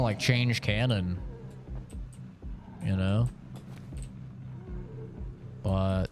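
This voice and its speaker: A man streaming a game, chatting casually with his viewers and reacting loosely as he plays. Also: medium pitch. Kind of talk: casual live-stream chat while gaming.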